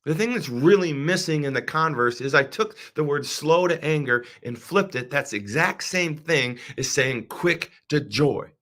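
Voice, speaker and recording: A man's voice: a little high, lively intonation, normal speed, few pauses, a bit bright. Male host, devotional talk, earnest, repeats phrases with preacher-like emphasis.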